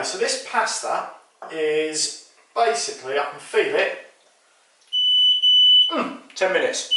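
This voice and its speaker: A high-voiced man chats through a recipe, explaining each step in an easy, friendly way. He is heard from a distance in a very echoey kitchen. Pots and dishes clink faintly behind him. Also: very noisy. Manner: chatty, explains as he cooks. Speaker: cooking show host. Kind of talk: casual cooking demonstration. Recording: roomy kitchen echo, distant mic.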